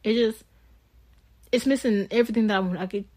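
A woman co-hosting a podcast, telling a story in an animated, exasperated way. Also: a little high, brisk, no room sound. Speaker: podcast co-host. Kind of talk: casual storytelling chat.

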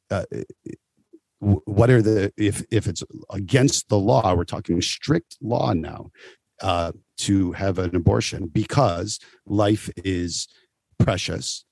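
Lowish-voiced guy on a podcast, hesitant and thinking it out, dry close sound. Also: darkish tone, no room sound. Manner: hesitant, measured, many fillers. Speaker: podcast guest. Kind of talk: casual debate chat.

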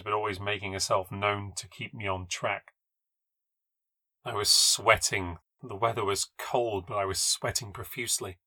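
A man reading a first-person ghost story aloud for a podcast, in a measured, low-key storytelling voice that lifts at tense moments. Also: pushed and bright, no echo.

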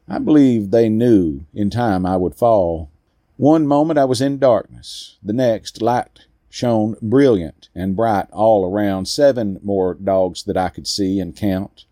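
A man narrating a first-person story in a slow, deliberate way with weighty pauses. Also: lowish voice, warm tone, dry recording, clean studio sound.

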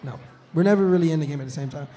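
A pro football player serving as guest host chats casually on a live podcast taped in a restaurant, laughing often and filling gaps with "you know what I'm saying." His voice is fairly high, racing, and mellow.

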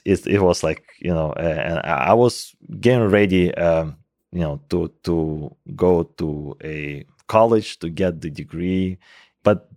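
A man's voice: sits low, darkish tone, dry recording, clean studio sound. A man in his forties from Russia with a thick Russian accent, a scientist talking in an interview with many fillers and restarts. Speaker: guest scientist. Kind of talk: casual interview conversation.

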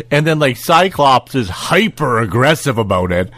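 A man co-hosting a casual cartoon review podcast, animated and giggly, acting out lines as he recaps. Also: medium pitch, moderate pace, hardly any pauses, no echo. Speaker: podcast co-host.

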